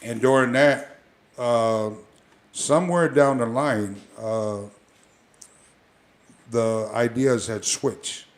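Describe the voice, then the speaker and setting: A man's voice: medium pitch, takes it slowly, pauses often. A man, a former pro wrestler, telling stories as a guest in a casual interview, rambling with many fillers and restarts.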